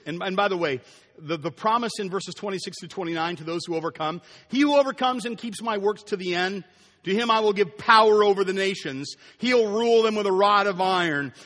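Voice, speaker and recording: A man preaching a sermon as pastor, telling stories with lively, animated delivery and acting out the people he quotes. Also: high-pitched. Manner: animated storytelling, voices quoted characters. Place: church sanctuary. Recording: long hall reverb.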